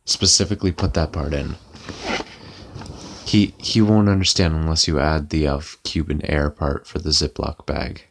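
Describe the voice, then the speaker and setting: A worn-out livestreamer lies back comfortably at home, chatting casually in a flat, deadpan monotone at normal speed. His voice is very low and gravelly, lazy and sleepy, and he's tired enough to yawn; a little hiss or hum sits under the recording.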